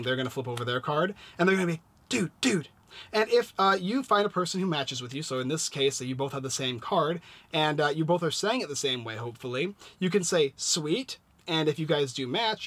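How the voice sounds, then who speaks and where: A man casually reviewing a board game and walking through its rules, lively and playful as he demonstrates. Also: on the high side.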